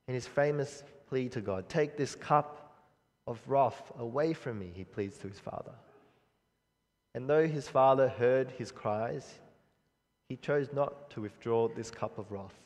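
Man preaching a sermon, earnest and measured, normal pitch, echo hanging in a big hall. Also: darkish tone. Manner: earnest, measured preaching with frequent pauses and restarts. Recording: long reverb of a hall.

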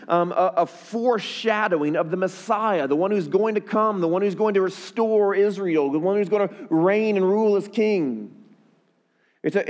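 Fairly high-voiced preaching man, hall echo. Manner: repeats words, rises in pitch and volume when preaching. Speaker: pastor. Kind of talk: sermon.

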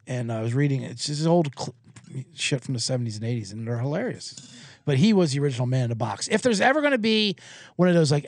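A man hosting a sports betting podcast alone in a small booth, ranting in a rambling, excitable, profane way. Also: mid-range voice, gravelly. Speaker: podcast host and sports bettor. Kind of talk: casual sports betting rant.

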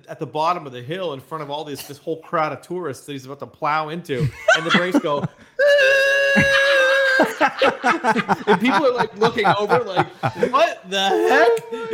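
A man co-hosting a podcast, telling travel stories in casual chat, animated and laughing a lot. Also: a little high. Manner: animated storyteller, laughs often. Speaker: podcast co-host. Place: travelling abroad.

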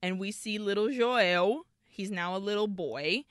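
Woman retelling a film scene slowly. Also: medium pitch, dry recording, clean studio sound. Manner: retells scenes in detail, laughs when emotional. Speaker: podcast co-host. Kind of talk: casual film recap chat.

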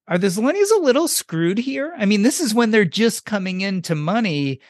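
A man's voice: high voice, very animated, fairly quick, no echo, studio quality. A man hosting a podcast interview, asking probing questions in a casual way. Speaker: podcast host.

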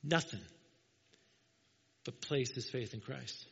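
A man's voice: medium pitch, slow pace, vocal fry, a bit bright, slight background noise. A man preaching a sermon as pastor, conversational and storytelling, acting out quoted people. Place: church. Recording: dull sound, long hall reverb.

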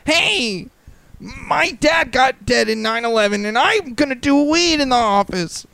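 A whiny young comedian with a much higher, strained voice that drags its words out slowly and sounds defiant, as a podcast host puts him on. The sound is close and dry. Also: male voice, lively intonation, vocal fry, bright, forceful tone, clear, resonant tone, no room sound, heavily acted. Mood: defiant whine. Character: whiny young male comedian, high and drawling.

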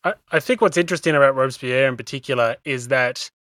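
A man hosting a history podcast, explaining things in a measured way with small stumbles. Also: mid-range voice, fairly bright tone, no room sound. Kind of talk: casual history discussion.

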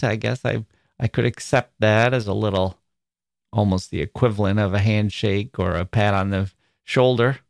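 A man's voice: on the low side, dry recording, studio quality. A man from Wisconsin hosting a podcast, talking through a reflective spoken essay in a thoughtful, wry way, with small self-corrections. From Wisconsin, USA. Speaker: podcast host.

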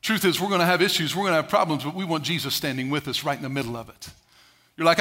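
High, bright-voiced preaching pastor. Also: male voice, fast. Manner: emphatic, swings between loud declarations and hushed asides. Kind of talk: sermon.

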